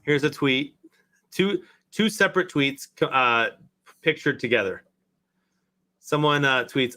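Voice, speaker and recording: A man's voice: medium pitch, expressive, unhurried, pauses often, bright, forceful tone. A man co-hosting a casual live sports stream, easygoing and laughing as he reads things out. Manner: easygoing, laughs while reading aloud.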